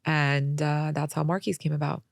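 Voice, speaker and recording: Creaky-voiced young woman telling stories. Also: low-pitched, level tone, normal speed, dry recording, studio quality. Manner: chatty storyteller, acts out quoted voices. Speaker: podcast guest. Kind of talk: casual interview talk.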